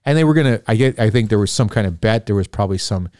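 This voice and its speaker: A man's voice: fairly low pitch, lively intonation, rapid-fire, a little mellow, no echo, clean studio sound. A man hosting a faith podcast, telling a story in a loose, casual way with many fillers and restarts. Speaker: podcast host. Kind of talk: casual spiritual reflection.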